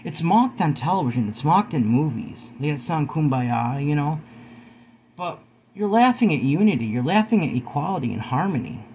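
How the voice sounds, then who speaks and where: A fairly high-voiced man in his forties speaks to his viewers from home. His pitch rises and falls a lot as he preaches earnestly and keeps calling them guys. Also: animated, moderate pace, darkish tone, highs cut off, a little hiss or hum. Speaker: video host. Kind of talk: earnest spoken vlog talk.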